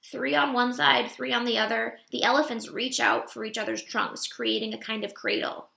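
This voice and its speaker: A woman reading a first-person children's novel aloud in an expressive, wry narration, recorded with a roomy echo. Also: a little high, normal speed, vocal fry. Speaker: audiobook reader.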